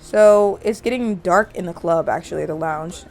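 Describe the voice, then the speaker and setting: A woman's voice: fairly low pitch, normal speed, a little mellow. Woman, casual let's-play narration, chatty and amused, faint game music. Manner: chatty, amused, voices characters. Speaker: gameplay narrator.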